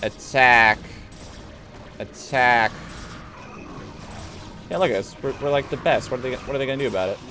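A man's voice: mid-range voice, racing, few pauses, a little hiss or hum. A man streaming a strategy game, joking and barking orders at his units with playful mock belligerence. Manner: giggly and excitable, mock-belligerent. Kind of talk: live gameplay commentary.

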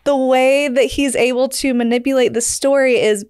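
A woman's voice: high voice, steady tone, normal speed, a little mellow, a little hiss or hum. A woman hosting an interview podcast, reflecting on a guest's story in a talky way full of fillers. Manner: reflective, explains with many fillers. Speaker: podcast host. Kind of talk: interview chat.

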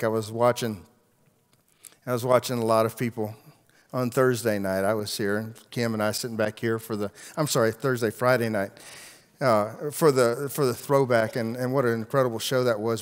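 A middle-aged man preaching a sermon, telling a story from his own life and moving between loud, emphatic peaks and hushed, quiet asides. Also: lowish voice. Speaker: pastor. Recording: long hall reverb.

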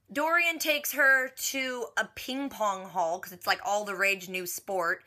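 A young woman who runs a TV reaction vlog recaps an episode in a chatty, slangy way, dropping "like" everywhere. Her mid-range voice is bright and forceful, and she keeps a measured pace.

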